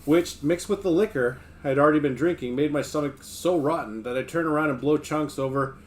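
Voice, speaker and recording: A relaxed man with a slightly high voice who drifts between joking with his live viewers and reading a book aloud. His delivery is loose and easygoing, with quips thrown in between passages. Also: fairly quick. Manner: laid-back, joking, talks to chat between passages. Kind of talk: casual stream chat and reading aloud.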